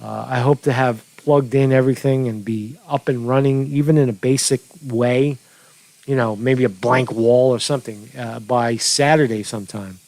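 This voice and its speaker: Gravelly man rambling through casual commentary. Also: medium pitch, steady tone, a little mellow, no echo. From New York. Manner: rambling, halting, frequent restarts and fillers. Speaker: news commentary host. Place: home studio.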